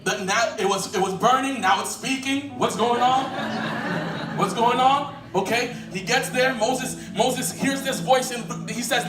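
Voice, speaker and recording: A pastor preaching a sermon with animated energy that builds to shouting. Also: male voice, very high-pitched, a little slow, distant mic, over music. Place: church sanctuary. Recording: echoey hall recorded from afar.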